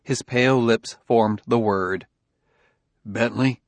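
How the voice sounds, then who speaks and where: A man narrating an audiobook in an expressive reading voice. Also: fairly low pitch, a little slow, no room sound.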